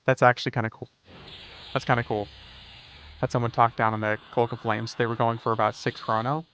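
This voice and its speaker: A man's voice: medium pitch, flat delivery, fairly quick, a bit bright, clear, resonant tone. A man streaming a game live, chatting casually, joking and swearing freely, often saying "dude". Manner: laid-back, joking, swears freely, says "dude" a lot. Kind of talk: casual livestream chat while playing.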